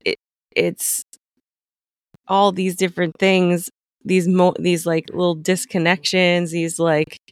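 A woman co-hosting a podcast, talking slowly and reflectively, restarting her sentences as she searches for words. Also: lowish voice, level tone, dry recording, clean studio sound. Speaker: podcast co-host. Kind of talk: casual conversation.

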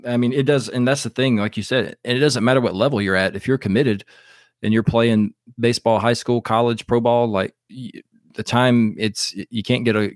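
A man hosting a podcast interview, asking questions in a halting way with restarts. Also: mid-range voice, no echo, studio quality. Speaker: podcast host. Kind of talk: casual interview.

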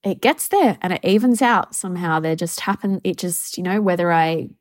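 A young woman hosting a solo podcast, reflecting in a soft, halting, heartfelt way as a mother. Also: fairly low pitch, dry recording, clean studio sound. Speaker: podcast host.

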